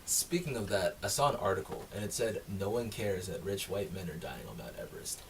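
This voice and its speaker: A man's voice: sits low, expressive, a little fast, creaky, far from the mic, slight background noise. A man co-hosting a podcast in casual chat, laughing often and acting out quotes from people in the stories. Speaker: podcast co-host.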